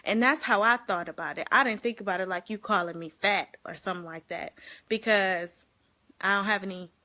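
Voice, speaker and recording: Bright-voiced woman chatting to camera. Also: medium pitch, a little fast. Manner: animated, chatty, laughs often, addresses viewers as y'all. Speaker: vlogger giving life advice. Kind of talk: casual talk to camera.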